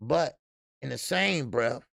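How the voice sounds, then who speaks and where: A man's voice: medium pitch, lively intonation, slow, gravelly, a bit bright, dry recording, clean studio sound. A man hosting a casual boxing live stream, blunt and profane, laughing often and greeting chat viewers. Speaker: boxing show host.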